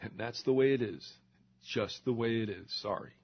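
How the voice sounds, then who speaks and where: A man's voice: mid-range voice, normal speed. An older man hosting a talk show, ranting in a sarcastic, indignant monologue with mocking asides. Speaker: radio talk show host. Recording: dull lo-fi recording.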